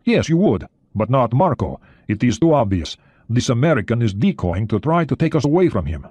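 A man voicing a cold, confident Soviet attack submarine captain who speaks in a calm, measured way in an audiobook reading. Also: mid-range voice, husky, dry recording. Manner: calm, measured, sure of himself.

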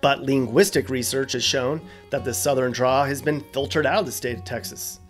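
A man's voice: medium pitch, fairly even intonation, moderate pace, soft background music. A man hosting a scripted explainer video, casual and joking with wry asides. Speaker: host.

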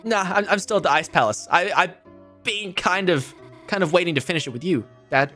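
Man doing a flustered, higher-pitched monster girl, stumbling over words. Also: a little fast, sharp tone, soft background music. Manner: nervous stammering higher voice. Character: shy young reindeer-monster daughter.

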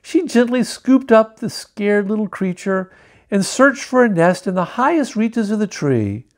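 A man's voice: high voice, sing-song, a little slow. Wry man reading a picture book. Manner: wry, joking asides. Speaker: storybook reader.

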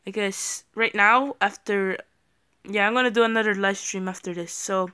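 A teenage boy giving casual commentary over a shooter game. He yelps and shouts at the game, his voice cracks when he yells, and he stumbles over fillers when he talks to his viewers. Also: high voice, steady tone, moderate pace, clear, resonant tone, no echo. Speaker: gaming channel host. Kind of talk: gameplay commentary.

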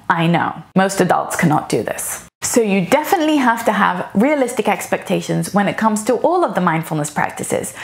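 A woman who teaches parenting, talking calmly and earnestly in a casual advice vlog, with an expressive lilt that stresses key words. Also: on the high side. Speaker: parenting educator.

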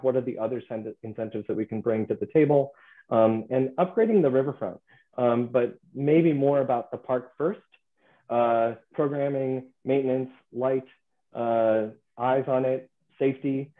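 A man presenting findings at a video-call meeting, halting, with many fillers and restarts. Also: medium pitch. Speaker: planning consultant presenting findings. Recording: tinny phone-like line.

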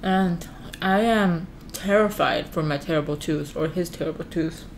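A woman's voice: on the low side, moderate pace, a little hiss or hum. A young adult woman vlogging casually at home, chatting to the camera with lots of "like" fillers. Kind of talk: casual chat to camera while eating.

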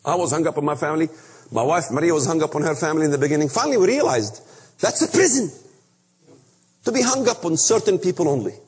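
Husky, animated man preaching. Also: a little high, fast. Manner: emphatic, repetitive, animated. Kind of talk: impassioned sermon. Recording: echoey hall.

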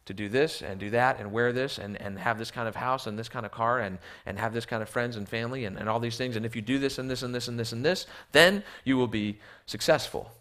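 Guy giving a church sermon, kinda halting, says words twice, keeps asking questions. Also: mid-range voice, a bit bright. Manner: repeats words when restarting, asks rhetorical questions. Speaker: missionary preacher. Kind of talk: sermon with slides.

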